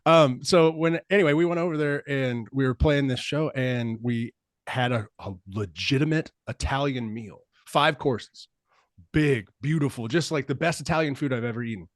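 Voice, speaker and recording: A man hosting a casual podcast, telling rambling stories full of swearing and laughter. His voice sits at an average pitch and is recorded dry, close to the mic. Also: moderate pace, no room sound. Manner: loose, profane storytelling with laughs. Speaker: podcast host. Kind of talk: casual chat.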